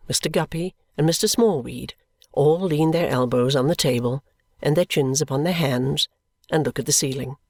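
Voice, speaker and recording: An audiobook narrator reading a classic novel in a measured, even way. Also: mid-range voice, no room sound.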